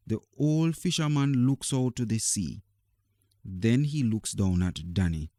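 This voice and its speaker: A man reads a children's story aloud, gentle and deliberate. His voice is mellow and relaxed, with a lively, expressive lilt. The recording is dry and close. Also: lowish voice, no room sound.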